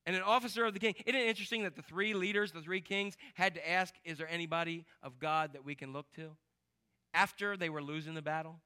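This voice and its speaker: A man preaching a lively, joking sermon in church and quizzing the congregation. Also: on the high side, quick pace, clear, resonant tone. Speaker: pastor.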